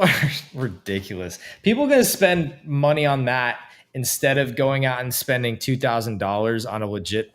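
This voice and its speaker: A man co-hosting a casual podcast, talking in an animated, emphatic way and swearing now and then. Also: lowish voice. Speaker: podcast co-host. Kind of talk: casual chat.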